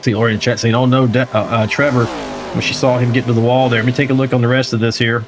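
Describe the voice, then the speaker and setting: Over the roar of racing car engines, a man with a medium-pitched, flat voice calls a simulated stock car race at a quick clip. He keeps it chatty and joking, reading viewer chat aloud between conversational play-by-play and funny asides.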